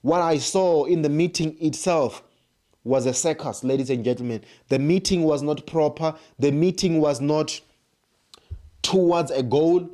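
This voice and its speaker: A man's voice: on the high side, measured pace, dark tone. A man giving an emphatic political commentary monologue, piling up rhetorical questions and repeated phrases. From South Africa. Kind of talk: opinion monologue to camera.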